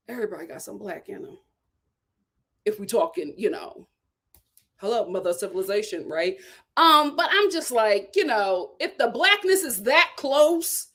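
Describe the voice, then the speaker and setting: A woman giving casual, sassy commentary as a show reviewer, animated and laughing often. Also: high voice.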